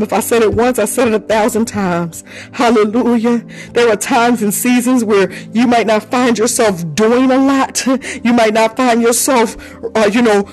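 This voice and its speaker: A spirited preacher leads the congregation in call-and-response, laughing between lines. At times the voice drops into speaking in tongues. Soft music plays underneath at a middling pitch. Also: rough recording. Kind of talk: sermon.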